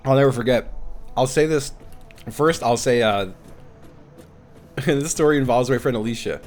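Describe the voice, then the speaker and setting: This gamer speaks at medium pitch and moderate pace, leaving long pauses while faint music plays behind him. He's on a live stream, casually chatting and spinning lively stories full of laughter.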